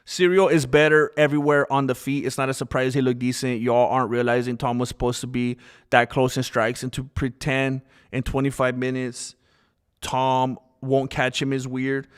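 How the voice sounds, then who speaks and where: A man's voice: mid-range voice, moderate pace, clear, resonant tone. A man streaming live, arguing and ranting in casual commentary. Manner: animated, argumentative ranting.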